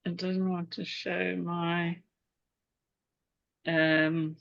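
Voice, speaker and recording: A woman's voice: lowish voice, level tone, very slow, vocal fry, fairly bright tone, no room sound. A woman hosting a video call meeting, chatting and fumbling aloud with her screen sharing. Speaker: host. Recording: dull, dry video call audio.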